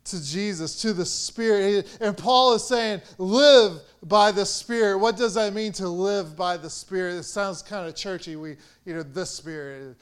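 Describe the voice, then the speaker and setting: A man's voice: sits high, normal speed, hardly any pauses, smooth. A young man preaching a sermon as pastor, earnest and rising in force on key points.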